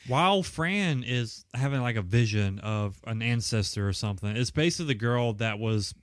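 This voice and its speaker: A man's voice: mid-range voice, moderate pace, clear, resonant tone, dry recording, studio quality. A man co-hosting a podcast, recapping a cult film with lots of swearing, laughter and exasperation. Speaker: podcast co-host. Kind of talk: casual film-review chat.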